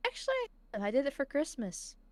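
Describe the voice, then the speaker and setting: A woman streamer chatting casually on a live stream, self-deprecating and halting, with frequent giggles. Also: high-pitched, huge pitch swings, no room sound. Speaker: streaming guest.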